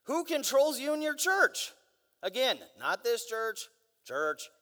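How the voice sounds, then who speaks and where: A young man giving an energetic guest sermon in a church, driving his points with rhetorical questions and mock voices. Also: extremely high pitch, takes it slowly. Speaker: guest preacher. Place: large church hall. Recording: long church hall reverb.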